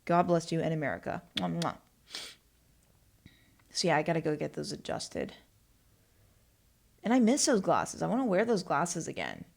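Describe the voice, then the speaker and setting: Animated, rambling woman podcast host. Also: deep voice, a little fast, vocal fry. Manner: rambling, animated, self-mocking. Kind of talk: casual solo chat.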